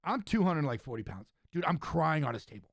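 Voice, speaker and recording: Young male host and wrestler, slightly high voice, dry close recording, animated storyteller. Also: brisk, no echo. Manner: animated storyteller, says "right?" and "dude" often. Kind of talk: casual chat, storytelling.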